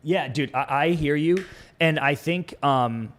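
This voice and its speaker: A man co-hosting a live hockey podcast, talking in a loose, excitable way and swearing freely. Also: on the high side, unhurried. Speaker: podcast co-host. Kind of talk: casual hockey chat.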